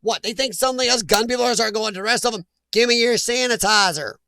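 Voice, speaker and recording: A man's voice: extremely high pitch, rapid-fire, vocal fry, sharp tone, no room sound. A man hosting a casual livestream chat, reading viewer comments and giving blunt opinions with easy laughs. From Midwestern US. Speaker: livestream host.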